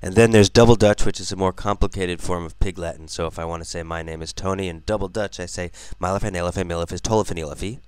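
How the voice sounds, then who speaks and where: A man's voice: low voice, fairly even intonation, fast, hardly any pauses, a little mellow, clear, resonant tone, no echo. A man narrating his vlog casually, explaining things step by step. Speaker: vlogger.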